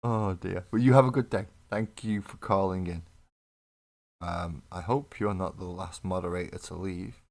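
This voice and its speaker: Low-voiced man, rambling banter. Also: normal speed, darkish tone. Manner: rambling, joking, self-deprecating banter with chat. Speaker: miniature painting streamer. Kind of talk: casual live-stream chat while painting. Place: home painting desk. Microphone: desk mic on live webcam stream.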